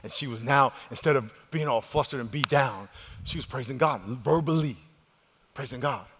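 A male pastor preaching a sermon. He leads the congregation in call-and-response, repeats words as he restarts, and moves between loud exhortation and hushed, quiet delivery. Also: mid-range voice, moderate pace, background noise. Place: church sanctuary with congregation. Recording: long reverb of a large church hall.

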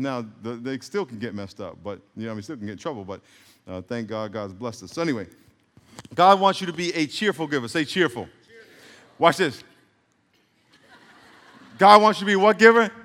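A man's voice: mid-range voice, animated, brisk, pauses often, a bit bright. A middle-aged man preaching a sermon as a pastor, joking in rambling asides and calling for responses from the congregation. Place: church sanctuary. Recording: reverberant hall.

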